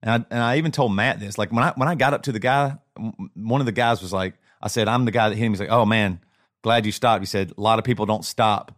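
A man on a podcast telling a personal story in a halting, shaken way, with many restarts and repeats. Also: fairly low pitch, no echo, clean studio sound. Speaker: podcast co-host. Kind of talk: casual chat, personal story.

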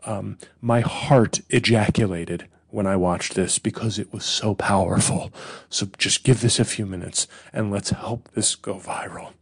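A man's voice: on the low side, fairly even intonation, unhurried, gravelly, breathy edge, no echo, heavily acted. A man voicing a gushing online personality.

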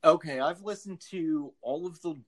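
A man co-hosting a podcast in casual chat, animated and jokey, laughing often. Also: a little high, moderate pace. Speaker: podcast co-host.

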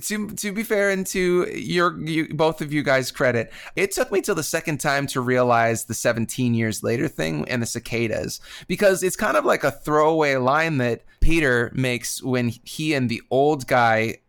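A man's voice: a little high, animated, moderate pace, creaky, few pauses, fairly bright tone, smooth. A man co-hosting a casual movie podcast, retelling scenes with lots of laughter and swearing. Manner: laughing, profane, retells scenes with put-on quotes. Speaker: podcast co-host. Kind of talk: casual movie-review chat.

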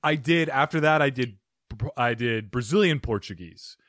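A man hosting a casual podcast chat, telling animated stories and acting out voices. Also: medium pitch, moderate pace, no room sound, studio quality. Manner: animated storyteller who acts out voices. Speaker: podcast host.

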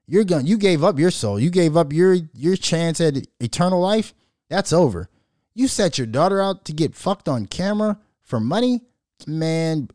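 A man hosting a podcast, ranting loudly and profanely in casual commentary, mocking and joking as he goes. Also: on the high side, no echo, studio quality. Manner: profane, loud, mocking, animated. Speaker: podcast host.

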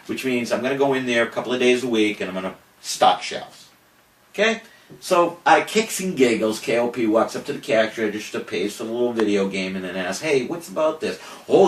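An older podcast host with a mid-range voice signs off by telling a brash, boastful story, animatedly acting out other people's lines in mock voices. He sounds distant from the mic in a roomy space, with faint hiss underneath.

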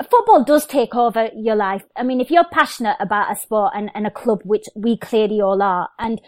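A woman's voice: fairly high pitch, a little mellow, dry recording. Young female podcast host, upbeat and rambling, dry close recording. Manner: enthusiastic, chatty, long rambling questions. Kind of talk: casual interview chat.

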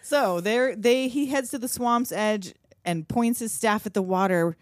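A woman co-hosting a podcast, recapping a movie in casual, animated chat, laughing and swearing now and then. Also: on the high side, unhurried, dry recording, clean studio sound. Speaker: podcast co-host.

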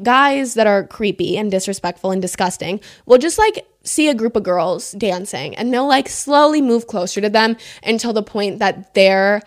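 A young woman telling a storytime on camera, chatty and indignant, peppering every sentence with "like" and swearing freely. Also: mid-range voice. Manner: emphatic, indignant retelling. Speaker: storyteller vlogger. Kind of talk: casual storytime monologue. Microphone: camera mic.

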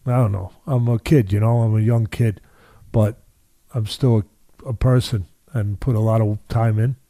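A man's voice: lowish voice, steady tone, normal speed, warm tone, no room sound. Emphatic older man telling a story. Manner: emphatic storyteller, repeats phrases, acts out quoted voices. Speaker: boxing trainer guest. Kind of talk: storytelling interview.

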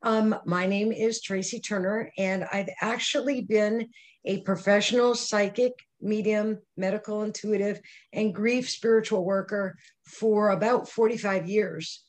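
An older woman, a guest on a podcast, telling childhood stories in an animated way and voicing the people in them. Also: mid-range voice, unhurried. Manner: animated storyteller acting out quoted voices. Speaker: psychic medium guest. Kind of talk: storytelling interview answers.

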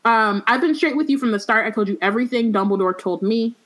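A woman reading a novel aloud and breaking off to chat about it with friends, slangy and relaxed. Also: on the high side, quick pace. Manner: reads passages then riffs with slang. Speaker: podcast host reading a book aloud.

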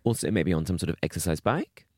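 A man from England co-hosting a podcast, chatting playfully and giggling, swinging between loud and soft. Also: deep voice, animated, quick pace, dry recording, studio quality. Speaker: podcast co-host. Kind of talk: casual comedic chat.

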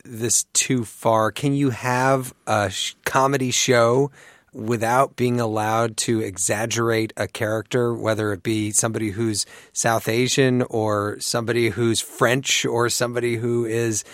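A man's voice: medium pitch, little pitch movement, unhurried, no room sound. Male interview host, dry sound. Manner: probing questions. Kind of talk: radio interview.

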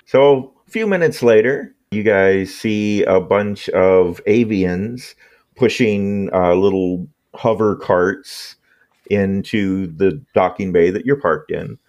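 A man narrating as game master of a tabletop sci-fi game in a relaxed, wry way. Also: low-pitched, takes it slowly.

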